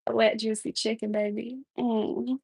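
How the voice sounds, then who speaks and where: A woman on a livestream putting on a fake sultry voice, soft and breathy, to joke about her cooking. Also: little pitch movement, measured pace, exaggerated voice. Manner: low, breathy, teasing purr. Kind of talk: joking put-on voice during a livestream.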